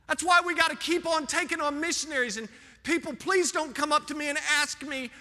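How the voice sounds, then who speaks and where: Man, pastor, fervent sermon, high pitch, long church reverb. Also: brisk, sharp tone. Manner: fervent preaching, banter with congregation. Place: church sanctuary.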